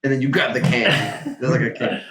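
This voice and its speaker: A man hosting a gaming channel, reading an AI adventure story aloud in an animated way. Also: medium pitch, a little fast. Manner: animated, breaks into laughter. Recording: roomy echo.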